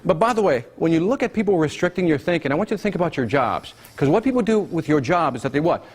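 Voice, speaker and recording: Lively man leading a business seminar. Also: fairly high pitch, fast. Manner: energetic, asks the audience questions. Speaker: seminar presenter. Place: seminar room with audience.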